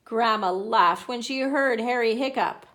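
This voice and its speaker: A woman's voice: a little high, measured pace. Woman reading a children's story aloud. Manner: animated, playful. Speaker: children's book reader.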